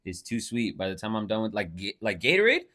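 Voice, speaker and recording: A man co-hosting a casual podcast, teasing and profane, who laughs often mid-story. His pitch moves a lot, rising and falling as he talks. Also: very animated, quick pace, fairly bright tone. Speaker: podcast co-host. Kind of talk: casual chat. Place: Phoenix.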